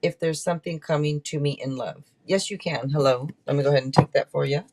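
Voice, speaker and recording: A woman's voice: low-pitched, fast, a little mellow. Chatty woman reading tarot live. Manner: chatty and rambling, with many restarts. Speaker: tarot reader hosting a live stream.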